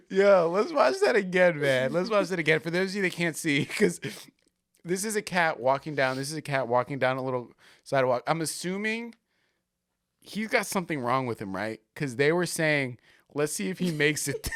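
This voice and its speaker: A man's voice: fairly high pitch, animated, measured pace, no echo, clean studio sound. A man hosting a podcast, chatting casually as he reacts to videos, swearing freely and laughing often. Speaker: podcast host.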